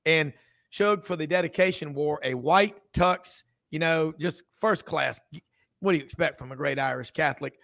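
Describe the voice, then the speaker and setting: Man, sports radio host, fairly high voice, rambling chatty storytelling. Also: normal speed, vocal fry, fairly bright tone. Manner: rambling storyteller, full of asides and restarts. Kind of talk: casual sports talk.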